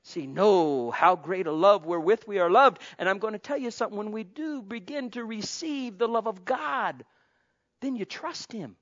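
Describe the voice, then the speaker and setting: High-voiced preacher man, impassioned sermon. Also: expressive, moderate pace. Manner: impassioned, swinging between soft pleading and loud exclamation; calls out to the congregation. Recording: dull lo-fi sound.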